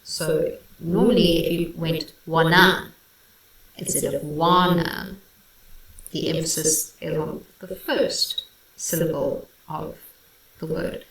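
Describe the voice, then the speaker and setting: A woman's voice: low-pitched, fairly even intonation, unhurried, far from the mic. A woman who trains singers, talking casually through a song and singing little snippets to show vowel sounds. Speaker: vocal coach reacting to a song. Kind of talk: casual music analysis. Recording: roomy sound, away from the mic.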